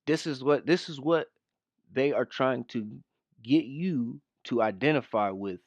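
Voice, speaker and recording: A man's voice: medium pitch, unhurried, no room sound, dull audio. A man talks through a clip in a mocking, scornful tone, stopping it to pick it apart. His voice is dry and close, with no room sound. He is casual and cutting. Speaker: commentary host. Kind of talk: reaction commentary on a clip.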